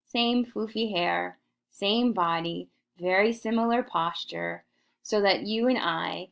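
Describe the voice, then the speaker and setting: A woman's voice: mid-range voice, slow, creaky, fairly bright tone. A woman teaching an art history lecture in a playful, theatrical way, slipping into mock-aristocratic asides.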